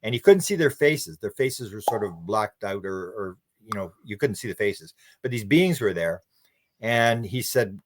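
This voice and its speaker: A Canadian man with a Canadian accent, a researcher answering interview questions and telling a story, acting out the quoted dialogue with lively shifts in voice. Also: lowish voice, fairly quick. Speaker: guest, UFO researcher.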